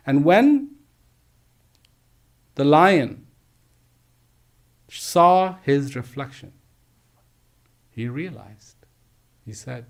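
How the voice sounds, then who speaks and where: A man giving a slow storytelling talk to teachers, gentle and emphatic, with repeated phrases and pauses. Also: mid-range voice, lively intonation. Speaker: speaker addressing teachers. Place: live online address.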